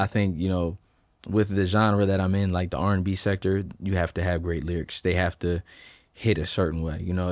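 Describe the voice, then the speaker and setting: Deep-voiced young man with a slight Southern drawl. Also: no echo. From Delaware, USA. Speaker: musician guest. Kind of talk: casual interview answers.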